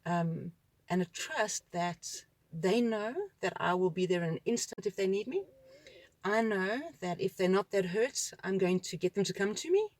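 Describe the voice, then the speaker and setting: A woman with a South African accent, a school principal, talking in a relaxed discussion and acting out what children and parents say. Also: mid-range voice, normal speed, no echo. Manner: animated, acts out children's and parents' voices. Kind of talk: conversational discussion.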